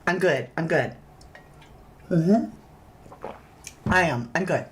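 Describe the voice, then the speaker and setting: A woman with a lowish voice hosts a relaxed livestream chat. She takes her time, talks to viewers like friends, and reads out their comments as she goes. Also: takes it slowly, slight background noise. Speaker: true crime livestream host.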